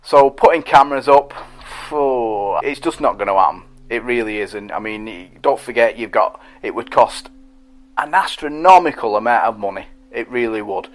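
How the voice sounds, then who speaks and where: A man's voice: mid-range voice, normal speed. A middle-aged man who hosts a podcast and reads out listener messages in a chatty, rambling, self-deprecating way. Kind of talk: casual monologue.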